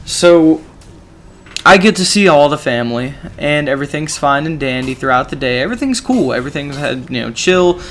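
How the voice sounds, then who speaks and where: A man's voice: a little high, animated, normal speed, fairly bright tone, a little hiss or hum. A man from a gaming channel telling a story casually, rambling with lots of "you know" and "like".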